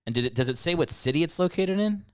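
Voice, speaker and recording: A man guesting on a comedy podcast, tossing out playful deadpan quips in casual banter. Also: a little high, fast talker, clear, resonant tone, dry recording, studio quality. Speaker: podcast guest, actor and writer.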